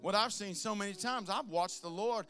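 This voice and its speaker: A man preaching a sermon as pastor, swinging between loud preaching and soft asides, with laughs. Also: high voice, normal speed.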